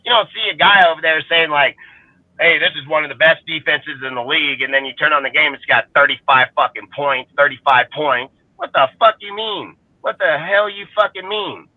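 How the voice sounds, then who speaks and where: A man's voice: fairly high pitch, moderate pace, no echo. A heated, foul-mouthed man rants through fan commentary on a live stream. His voice comes through thin and phone-like, dry with no room around it. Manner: heated, profane, ranting. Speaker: fan show panelist. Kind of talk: profane ranting fan commentary. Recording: phone-like call audio, dry.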